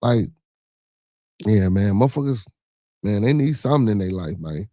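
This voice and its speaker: A man's voice: fairly low pitch, lively intonation, moderate pace, warm tone, dry recording, studio quality. A man hosting a livestream podcast, rambling in casual, profane chat and talking back to his viewers. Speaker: podcast host.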